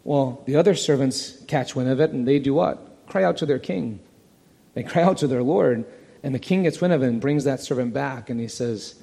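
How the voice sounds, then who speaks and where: A man preaching an expository sermon in a lively, storytelling manner, acting out the voices of the figures in the parable. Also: medium pitch, normal speed, creaky, husky. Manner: animated, acts out the parable's voices. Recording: long hall reverb.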